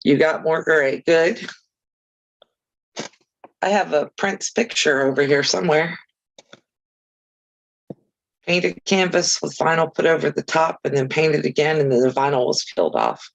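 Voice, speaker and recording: A woman's voice: low voice, expressive, a little slow, creaky, long pauses, dull audio. A woman hosting a casual crafting livestream, chatting easily with viewers and reading out their comments, with chirpy, self-deprecating asides.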